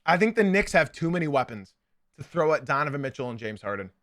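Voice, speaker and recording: Bright-voiced man hosting a casual sports stream. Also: a little high, very animated, fast talker, dry recording, clean studio sound. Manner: chatty, filler-heavy, talks straight to chat. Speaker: podcast and stream host. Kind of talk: casual sports talk livestream.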